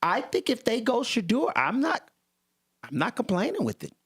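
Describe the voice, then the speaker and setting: A woman's voice: on the high side, wildly swooping pitch, normal speed, slightly rough. A woman co-hosting a local radio sports show, playful and exclamatory, often laughing along. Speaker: radio co-host. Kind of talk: casual sports talk on radio. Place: radio studio.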